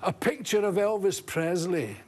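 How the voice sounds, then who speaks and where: An older Scottish comedian telling animated, laughing anecdotes as a talk-show guest. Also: male voice, high voice, moderate pace. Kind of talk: storytelling talk-show interview.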